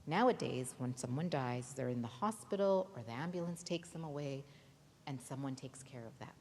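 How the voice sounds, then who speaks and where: A woman telling a Bible story to children at a church holiday Bible school, lively and often asking the kids questions. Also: extremely low pitch, normal speed. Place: church hall. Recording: reverberant hall, faint noise.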